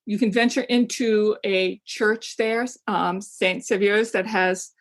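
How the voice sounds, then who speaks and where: A woman's voice: medium pitch, fairly even intonation, takes it slowly. Chatty enthusiastic woman travel writer. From Maine, USA. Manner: enthusiastic, chatty, with many fillers and restarts. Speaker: travel guidebook writer, guest. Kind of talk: casual interview chat.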